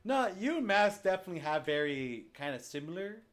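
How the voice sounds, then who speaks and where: A man's voice: sits high, very animated, fairly quick, fairly bright tone, soft background music. A young man from the United States hosting a podcast, chatting casually in a rambling way with lots of fillers. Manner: rambling, many fillers and restarts. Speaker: podcast host. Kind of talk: casual chat.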